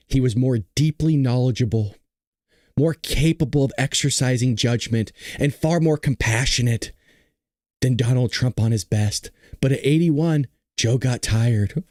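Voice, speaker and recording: Male podcast host, mocking commentary, animated swooping pitch, dry close sound. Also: no echo. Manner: laughs through his reading, mocking. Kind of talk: commentary reading an article aloud.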